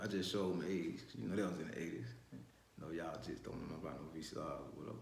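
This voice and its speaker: Speaking fast in a very deep, gravelly voice, this man recounts his younger days casually in the first person. His street-slang telling rambles and keeps restarting, and the room gives off a noticeable echo.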